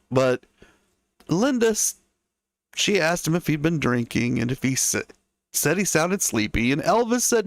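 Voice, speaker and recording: A man hosting a history stream in a relaxed, conversational way, stopping often for musing asides to his audience. His voice sits a little high for a man. It is recorded close and dry, with almost no room sound. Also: measured pace, no echo. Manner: chatty, musing asides to viewers. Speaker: history show host. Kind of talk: casual livestream history narration.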